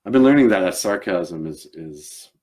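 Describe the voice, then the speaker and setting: A man chats casually on a live stream, rambling with many fillers and restarts. His voice is very low and deep. He comes across as a relaxed, talkative host. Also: normal speed, highs cut off. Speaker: show host and puppeteer.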